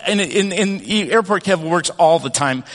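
A man's voice: high-pitched, lively intonation, normal speed, fairly bright tone. A man preaching a sermon, telling a humble story about himself with many restarts and self-corrections. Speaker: pastor. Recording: long reverb of a church hall.

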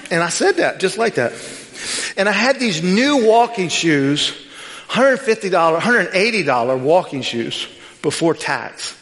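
A middle-aged male preacher with a high-pitched voice delivers a sermon as a personal story, acting out what each person said. His words ring out with a long reverb, as in a large church sanctuary. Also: unhurried. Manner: storytelling with lively quoted dialogue.

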